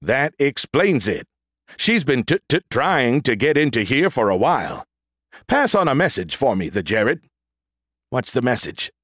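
A man voicing a damaged, stuttering android soldier in a battlesuit with a booming voice, in an audiobook. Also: big pitch swings, fairly bright tone, dry recording, clean studio sound. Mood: eager booming. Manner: stutters on first sounds, booming, slow drawn-out words. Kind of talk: audiobook character voice.

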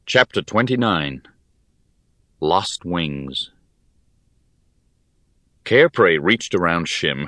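Deep-voiced, slow male audiobook narrator. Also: no room sound, clean studio sound. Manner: calm, measured storytelling. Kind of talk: first-person scripted narration.

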